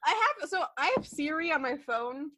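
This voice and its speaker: A woman's voice: high-pitched, lively intonation, moderate pace, pushed and bright. A woman co-hosting a podcast, chatting casually and wryly while drinking a beer. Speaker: podcast co-host.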